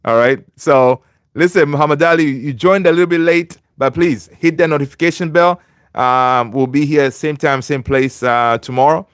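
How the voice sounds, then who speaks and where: A man's voice: fairly high pitch, moderate pace, clear, resonant tone, dry recording, studio quality. A man hosting a football fan livestream in a loose, chatty way, reading viewer comments aloud and greeting viewers by name. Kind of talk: casual livestream chat.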